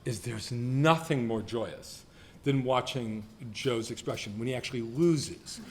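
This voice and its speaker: A man's voice: medium pitch, a little slow. A man in his sixties giving a self-deprecating roast speech, teasing colleagues with playful mock voices. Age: 60s. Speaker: retiring professor being roasted. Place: banquet hall.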